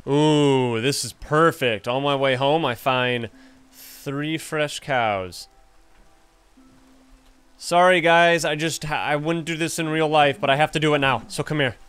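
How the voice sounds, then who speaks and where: A young man casually commenting on his own gameplay, excitable and jumpy, chatting to the animals on screen. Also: fairly high pitch, measured pace, smooth, faint music behind. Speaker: gaming YouTuber. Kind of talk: casual let's-play commentary.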